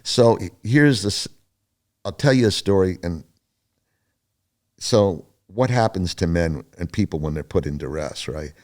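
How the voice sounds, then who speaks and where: An older man, a podcast guest, telling a story casually, animated and profane. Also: deep voice, unhurried, long pauses.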